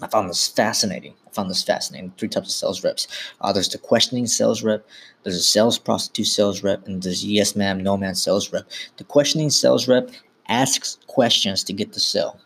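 A man's voice: fairly low pitch, brisk, gravelly, a bit bright, breathy edge. A man hosting a podcast, talking informally and instructively in a casual monologue, often correcting himself mid-sentence. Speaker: podcast host.

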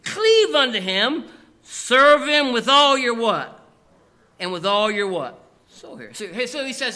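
A man's voice: extremely high pitch, sing-song, slow pace, bright, forceful tone. A male pastor preaching a sermon, with a habit of tacking "here" onto his sentences and asking the congregation questions.

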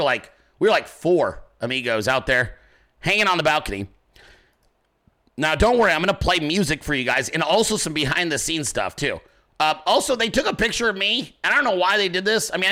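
A man hosting his own show, chatting casually in a rambling, profane, excitable way. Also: fairly high pitch. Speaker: podcast host. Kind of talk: casual chat.

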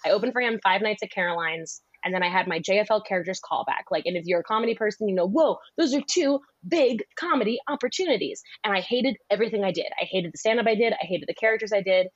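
A young woman comedian chatting on a podcast, rambling and animated, often slipping into voices. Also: medium pitch, quick pace, few pauses, no room sound, highs cut off. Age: young adult. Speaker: comedian guest. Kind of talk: casual podcast chat.

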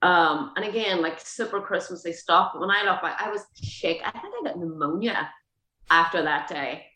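Chatty Irish woman, low voice. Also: moderate pace, pushed and bright. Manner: chatty, full of "like" and "you know". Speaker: guest. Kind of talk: casual chat. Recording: roomy echo.

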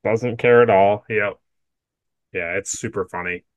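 A man co-hosting a podcast in relaxed, agreeable casual chat. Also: fairly low pitch, no echo. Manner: relaxed, agreeable, chimes in with quick yeahs. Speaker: podcast co-host.

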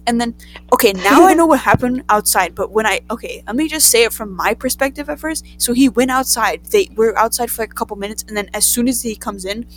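A young woman casually telling a story to friends, animated and profane, acting out the voices in it. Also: on the high side, quick pace, a little hiss or hum. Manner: animated, profane, acts out quotes. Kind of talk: casual chat.

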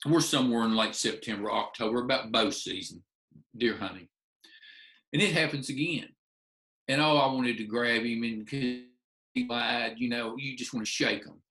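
A man in his fifties tells a story to a live audience. His voice is bright and forceful. He acts out the dialogue in character, and the room around him echoes. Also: mid-range voice, normal speed. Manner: animated storyteller, acts out dialogue, restarts often. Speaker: speaker telling a story from his teaching career.

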